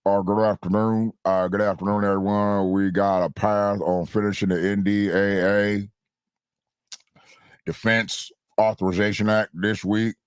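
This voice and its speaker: A man's voice: lowish voice, level tone, a little slow, smooth, no room sound, clean studio sound, voice pushed down, lightly acted. A man doing an impression of a mumbling elderly male senator speaking at a press podium. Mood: halting. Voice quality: mumbling, thick-mouthed.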